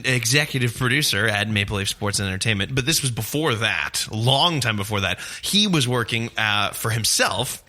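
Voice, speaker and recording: Bright-voiced Canadian man telling stories. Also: on the low side, lively intonation, normal speed, few pauses. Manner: laughs often while telling stories. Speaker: guest cinematographer. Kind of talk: casual podcast storytelling.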